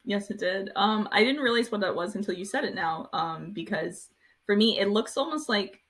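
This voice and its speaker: A woman's voice: medium pitch, lively intonation, normal speed, fairly bright tone, breathy edge. A young woman co-hosting a podcast, chatting casually and hesitantly, searching for words. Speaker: podcast co-host. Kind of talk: casual chat.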